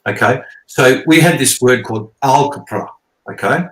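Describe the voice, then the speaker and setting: A man serving as a guest teacher explains things casually, rambling and swearing and often checking in with "okay?". His voice is medium in pitch and a bit bright, at a moderate pace. The recording has a roomy echo.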